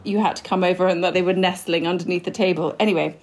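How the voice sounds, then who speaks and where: A woman's voice: on the low side, steady tone, quick pace, a little mellow. A woman in her forties co-hosting a podcast, chatty and self-mocking, rambling with fillers. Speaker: podcast co-host. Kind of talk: casual chat.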